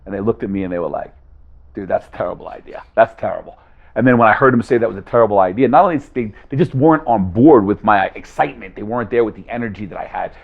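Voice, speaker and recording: A man telling a story to a live audience, acting out both sides of each conversation with lively energy. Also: on the low side, fast talker, vocal fry, narrow, tinny audio. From Las Vegas, USA. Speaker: guest speaker.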